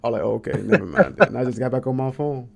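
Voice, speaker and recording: Talking very fast in a gravelly, medium-pitched voice, a young man from the American Midwest hosts a podcast. He relates a story casually and performs quoted lines with sharp jumps in pitch.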